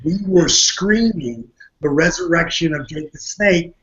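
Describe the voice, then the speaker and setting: A man with a notably high voice tells a story with energy, laughing often and acting out the voices of others. The audio sounds dull and lo-fi. It has a roomy echo around it. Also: animated, measured pace, a bit bright. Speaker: podcast guest. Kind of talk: animated storytelling.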